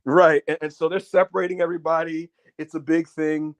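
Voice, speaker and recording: A man co-hosting a wrestling podcast, recapping the show in casual chat and acting out wrestlers' lines. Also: fairly quick. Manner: animated, acts out wrestlers' lines in high voices.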